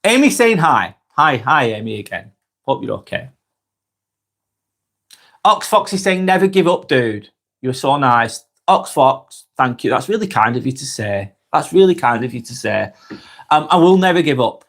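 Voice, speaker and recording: A man's voice: mid-range voice, sing-song, moderate pace, a bit bright. A man with a Lancashire accent, hosting a casual live stream and reading viewer comments aloud in a chatty, friendly way. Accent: Lancashire (Blackburn, Darwin). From northwest England. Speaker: live vlog host.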